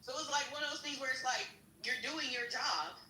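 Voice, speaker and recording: A young woman on a live-stream panel, telling a story in an animated, casual way with some swearing. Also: high voice, fairly quick, roomy sound, slight background noise, poor audio. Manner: animated, swearing, quotes others in raised voices.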